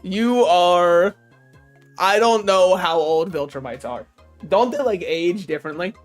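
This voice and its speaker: A man's voice: high voice, expressive, measured pace, faint music behind. A man streaming a game, chatting casually with viewers, profane and rambling, laughing often. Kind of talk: casual gaming stream chat.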